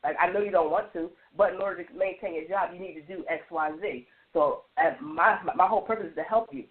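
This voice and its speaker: A woman on a radio panel, telling stories with lively restarts and lots of "like". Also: on the low side, quick pace. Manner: animated storytelling with many restarts and repeated "like". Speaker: roundtable panelist. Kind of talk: casual radio panel chat. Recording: tinny phone-line sound.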